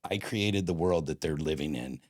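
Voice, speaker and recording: A man's voice: very deep voice, moderate pace, darkish tone, dry recording, studio quality. A man giving a blunt personal testimony in casual street talk, acting out old phone calls line by line. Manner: blunt street slang, acts out phone dialogue.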